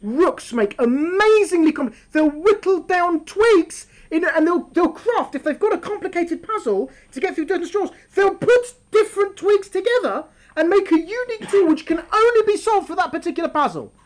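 A woman leads a lively group discussion, holding the floor and brushing interruptions aside. Her voice sits high and swings widely as she argues her points to the room. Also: normal speed, few pauses. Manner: animated, talks over interruptions, mimics voices for fun. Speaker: speaker leading a group discussion. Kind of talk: lively talk to an audience with questions.

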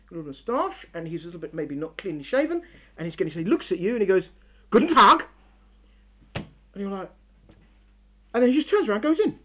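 Her pitch is fairly low as she gives a religious lecture to a live audience in a room. The woman tells story analogies in an animated way, acting out scenes and repeatedly restarting sentences.

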